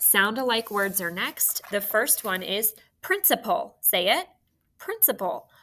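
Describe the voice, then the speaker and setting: Slow, bright-voiced woman teacher dictating spelling. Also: mid-range voice. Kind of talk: phonics spelling lesson.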